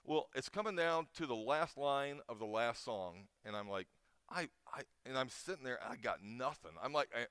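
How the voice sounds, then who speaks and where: A man's voice: mid-range voice, lively intonation, normal speed, a bit bright, clean tone, dry recording, studio quality. Emotional middle-aged man telling a story. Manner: emotional storyteller with many restarts. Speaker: chapel speaker. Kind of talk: informal chapel talk.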